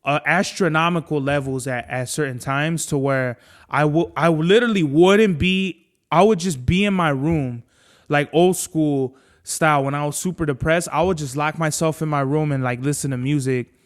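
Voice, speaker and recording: A man's voice: on the high side, normal speed. A young man hosting a podcast, talking candidly and profanely in a rambling casual chat, heating up when he vents. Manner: gets heated and animated when venting. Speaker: podcast host.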